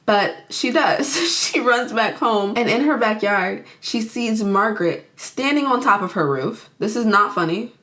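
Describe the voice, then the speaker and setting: A woman's voice: fairly high pitch, lively intonation, a little slow, few pauses, a bit bright. A young adult woman casually retelling a movie plot for her channel. She is chatty and giggly, says "like" a lot and acts out the characters. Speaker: YouTuber reviewing a film. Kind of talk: casual film recap.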